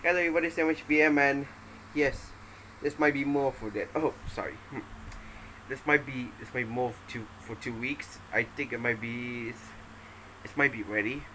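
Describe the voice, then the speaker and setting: A man talks in a loose, playful ramble, stopping and restarting as he goes. His voice sits at a middle pitch. An air conditioner hums clearly behind him the whole time. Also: moderate pace, pushed and bright, a little hiss or hum, low-quality recording. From Malaysia. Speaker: vlogger. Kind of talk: casual rambling vlog.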